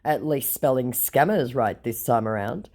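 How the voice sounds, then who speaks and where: A woman's voice: extremely low pitch, lively intonation, moderate pace, darkish tone. A woman narrating a chat exchange aloud with a sarcastic, mocking manner.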